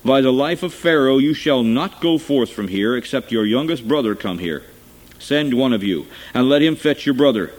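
A man reading the part of a stern, commanding male governor in a solemn, measured way. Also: mid-range voice, lively intonation, natural voice, low-quality recording.

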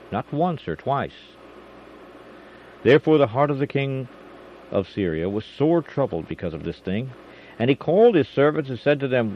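A man reading scripture aloud in a dramatic, expressive way, with shifting emphasis and slight stumbles. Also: medium pitch. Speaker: scripture reader. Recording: dull lo-fi recording, faint hiss.

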